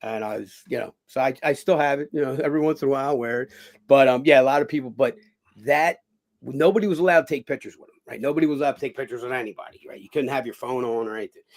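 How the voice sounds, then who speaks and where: A man's voice: mid-range voice, racing. A man, a guest telling rambling stories in a casual interview, full of "you know" and acted-out voices. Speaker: guest, former boxer.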